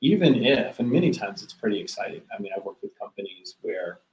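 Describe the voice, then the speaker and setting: A man's voice: on the low side, very animated, brisk, darkish tone. Earnest man in an echoey room. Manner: earnest, repeats words when starting sentences. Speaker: podcast host. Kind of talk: casual business chat.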